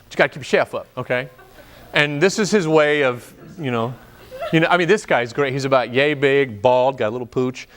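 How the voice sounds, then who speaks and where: A man's voice: medium pitch, brisk, a bit bright. A man coaching singers in an opera workshop rehearsal, chatty and joking, drifting into stories as he explains. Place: rehearsal room.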